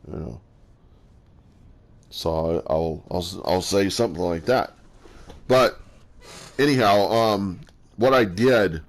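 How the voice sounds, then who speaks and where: Deep-voiced man musing haltingly. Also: darkish tone. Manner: halting, many fillers and restarts, musing. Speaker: solo talker sharing his views. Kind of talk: rambling casual monologue.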